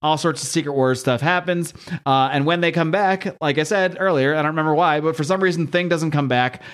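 A man's voice: on the high side, a little fast, fairly bright tone. A man hosting a casual podcast, chatting about a comic, laughing often and reading lines aloud in voices. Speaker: comic book podcast host. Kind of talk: casual chat recapping a comic.

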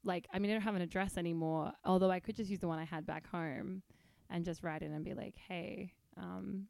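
A woman's voice: on the low side, fairly even intonation, fast, creaky, a little mellow, no echo. A young woman from Australia co-hosting a podcast, chatting casually with plenty of fillers and laughs. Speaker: podcast co-host. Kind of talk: casual chat.

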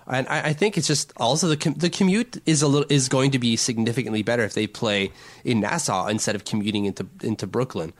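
A man who isn't from Long Island co-hosts a casual sports podcast, talking fast in a mid-range voice with hardly any pauses. He rambles, corrects himself, and keeps restarting sentences, stammering on the restarts.

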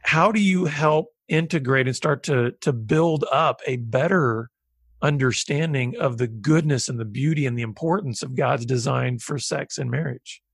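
A man's voice: medium pitch, normal speed, vocal fry, breathy edge, no room sound, clean studio sound. A man hosting an interview, asking long, thoughtful questions. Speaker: podcast host.

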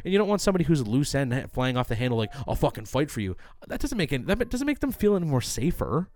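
A man's voice: fairly high pitch, sing-song, very fast, darkish tone. A young man co-hosting a podcast, talking animatedly and swearing, acting out quoted voices. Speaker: podcast co-host. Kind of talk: casual banter.

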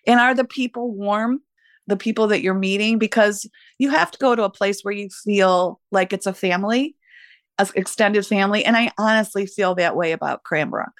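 A retired woman teacher in her sixties, reflecting warmly and emotionally in a conversational interview. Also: mid-range voice, normal speed, no echo, studio quality. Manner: warm, emotional, laughs easily. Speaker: retired teacher, podcast guest.

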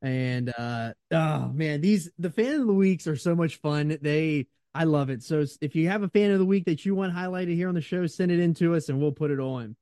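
Laughing excited man, mellow voice. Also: a little high, normal speed, few pauses, no echo, clean studio sound. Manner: laughing, enthusiastic storytelling. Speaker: podcast co-host. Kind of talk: casual chat.

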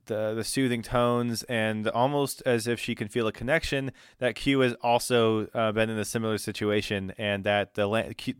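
A man narrating as game master of a tabletop game, halting with fillers and restarts. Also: fairly low pitch, fairly bright tone, clean tone, no echo, clean studio sound.

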